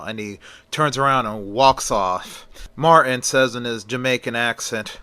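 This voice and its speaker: A man's voice: medium pitch, normal speed, pushed and bright, clean tone, no room sound. A man telling a horror story in a loose, conversational way, narrating the scenes himself. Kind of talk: casual retelling of a horror story.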